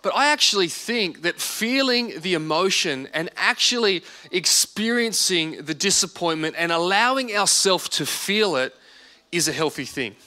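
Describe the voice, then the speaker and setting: A man's voice: high voice, animated, normal speed, sharp tone. A man in his thirties preaching a sermon as pastor, earnest and repeating words for emphasis.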